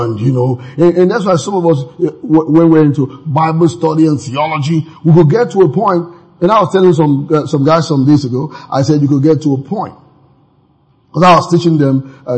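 A man's voice: a little high, darkish tone, slightly rough, rough recording. A man preaching a sermon in a conversational way, with laughing asides and many fillers.

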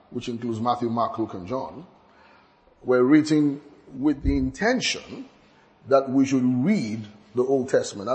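A man giving a Bible teaching, working through examples and restating each key point, with frequent restarts. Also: mid-range voice. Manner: repeats key points, stammers and restarts, laughs at own slips. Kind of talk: teaching sermon.

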